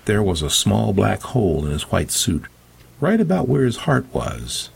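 A male audiobook narrator with a low, very husky and breathy voice. He tells the story in the first person with a dry, wry touch. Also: sing-song, normal speed.

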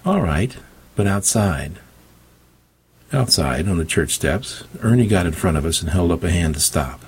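A male audiobook narrator with a low, very husky and breathy voice. He tells the story in the first person with a dry, wry touch. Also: expressive, brisk.

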